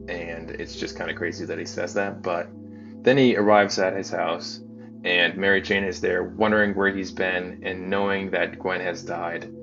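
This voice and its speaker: Low-voiced man chatting over music. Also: little pitch movement, measured pace, vocal fry. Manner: loose and chatty, heavy on fillers. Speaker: channel host. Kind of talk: casual comic book recap. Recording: dull lo-fi with music behind. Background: background music.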